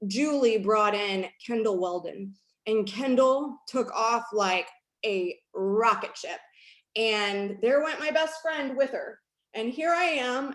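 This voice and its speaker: A woman with a fairly high voice tells her own story with candid, emphatic energy and leans on repetition to make her point. She is recorded in a room with a noticeable echo. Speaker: host. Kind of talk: personal storytelling talk.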